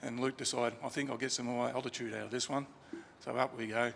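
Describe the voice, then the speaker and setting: A gravelly, somewhat bright male voice of medium pitch recounts an anecdote at a funeral, speaking fairly quickly with fairly even intonation. It's a loose, informal storytelling eulogy with stops and restarts, delivered into a lectern mic in a crematorium chapel. A long reverb tail and faint room hum surround him.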